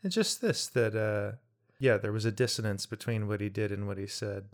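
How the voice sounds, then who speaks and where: A middle-aged man co-hosting a relaxed podcast, talking in a thoughtful, wandering way. He breaks his reflections with wry jokes and often restarts his sentences. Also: lowish voice, normal speed. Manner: reflective, jokey asides, trailing restarts. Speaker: podcast co-host. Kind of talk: casual conversational podcast.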